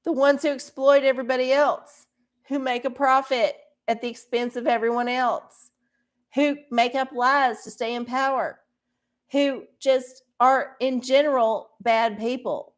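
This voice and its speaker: Lady streamer ranting and cussing at chat, kinda high voice. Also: steady tone, unhurried. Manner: profane, ranting; talks to viewers directly. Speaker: livestream host. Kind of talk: casual livestream chat.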